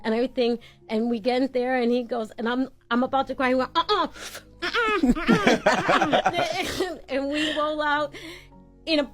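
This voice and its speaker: Lively woman telling a story, music behind. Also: sits high, a little fast. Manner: animated, laughs while telling. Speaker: guest. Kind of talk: casual storytelling.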